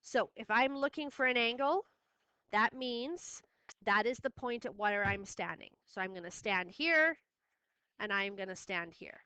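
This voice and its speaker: Firm, bright-voiced woman math teacher. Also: a little high, lively intonation, unhurried, clean tone, no room sound. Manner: firm, repeats key steps. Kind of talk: classroom lesson recording.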